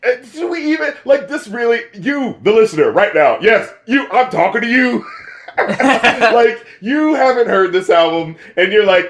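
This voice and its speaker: A man co-hosting a casual album reaction talk, excitable and swearing, often laughing and speaking straight to the listener. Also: sits high, unhurried. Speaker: co-host reviewing albums.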